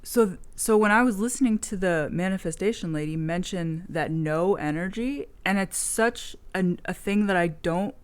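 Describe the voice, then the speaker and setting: A woman's voice: on the low side, normal speed, hardly any pauses, smooth. A woman video blogger in casual chat, telling a rambling story frankly and swearing freely.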